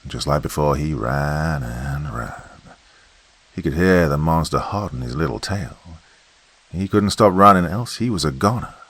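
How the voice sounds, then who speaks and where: A man narrating a horror story in a folksy campfire manner, swinging between loud and hushed delivery. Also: rumbling low, animated, unhurried, slightly rough, no echo.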